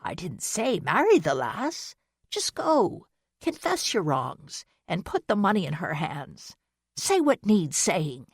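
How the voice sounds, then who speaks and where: A woman voicing a kindly, motherly hotel keeper in an audiobook, gentle, soothing and encouraging. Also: fairly low pitch, huge pitch swings, slow, slightly rough, dry recording, studio quality, heavily acted. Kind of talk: audiobook character reading.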